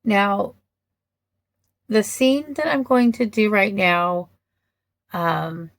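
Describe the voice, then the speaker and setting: Comparing film versions in a casual review, this woman speaks in a medium-pitched, gravelly voice that is animated yet slow and thoughtful. She pauses often to find her words, with plenty of ums and restarts, and the dry recording has no room sound or echo.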